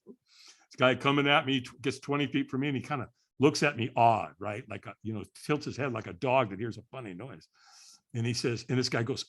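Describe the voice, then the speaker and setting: A man in his sixties from California, a podcast guest telling a story in an animated way, acting out the voices of the people in it. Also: mid-range voice, fairly quick. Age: 60s. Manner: lively storyteller acting out voices, frequent "right?".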